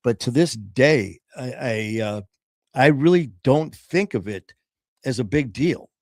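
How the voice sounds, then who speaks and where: A man shares his own story earnestly in casual conversation, animated yet halting, with frequent "um" pauses and restarts. His mid-range voice is slightly mellow, recorded dry and up close. He delivers other people's words in his own voice rather than imitating them.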